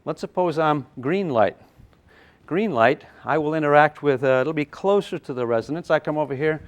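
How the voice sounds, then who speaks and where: An older man teaching a physics class, lively and playful, with sound effects and acted asides. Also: on the high side, a little fast. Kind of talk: classroom lecture at a whiteboard.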